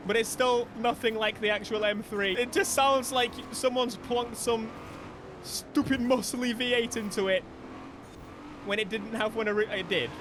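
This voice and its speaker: A young man, giving animated, jokey live gameplay commentary as a streamer, with sudden bursts of mock outrage. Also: sits high, normal speed, background noise. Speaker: gaming streamer.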